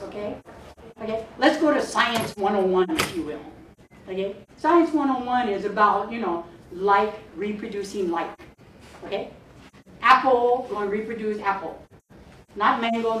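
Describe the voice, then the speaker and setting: A woman's voice: a little high, slight background noise. A woman from Hawaii with a Hawaiian Pidgin-tinged accent, a spiritual teacher leading an informal workshop talk in a chatty, playful way, laughing often and mixing in Hawaiian words. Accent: Hawaiian Pidgin-tinged English. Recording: echoey room, distant mic, faint ambience.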